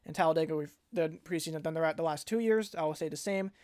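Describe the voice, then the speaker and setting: A man's voice: a little high, quick pace, darkish tone, smooth. A young man hosting a casual livestream announcement as a league organizer, rambling and often correcting himself mid-sentence. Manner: rambling, frequent self-corrections and restarts.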